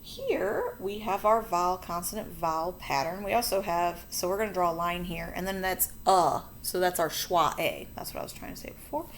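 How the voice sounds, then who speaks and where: A woman's voice: on the low side, moderate pace, hardly any pauses, slight background noise. A woman teaching a phonics lesson to children, explaining board work patiently and chattily, correcting herself as she goes.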